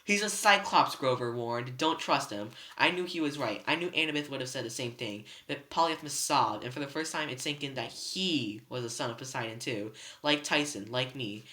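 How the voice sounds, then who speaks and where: Bright-voiced reader narrating a novel. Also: medium pitch, brisk, hardly any pauses. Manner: steady first-person narration with slips and restarts. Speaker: student reader. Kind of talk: reading a novel aloud. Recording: roomy echo.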